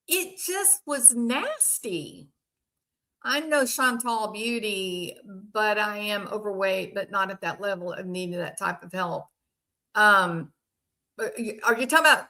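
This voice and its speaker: Blunt, indignant woman with a bright voice. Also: medium pitch. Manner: blunt, indignant, talks to viewers by name. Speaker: true crime commentary host. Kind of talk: casual commentary reacting to chat.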